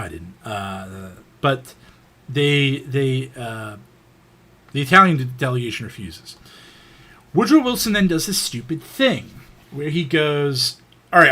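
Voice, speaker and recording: A man's voice: medium pitch, bright, forceful tone. A man giving a casual, unscripted history lecture, rambling with frequent fillers and restarts.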